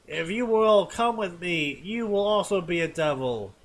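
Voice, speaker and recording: A man reading as an ancient devil. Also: high voice. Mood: solemn. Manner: slow, flat, formal reading. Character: ancient male devil, calm and grand.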